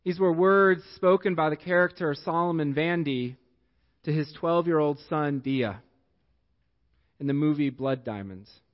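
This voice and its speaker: A male pastor's voice, a little on the high side, carries through an echoey church sanctuary as he preaches. He tells a story in a slow, deliberate way, with long pauses between thoughts. The sound quality is dull and lo-fi.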